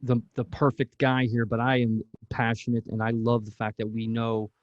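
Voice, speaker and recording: A man's voice: medium pitch, monotone, normal speed, dry recording, dull audio. A man co-hosting a music podcast, chiming in casually with short remarks. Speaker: podcast co-host.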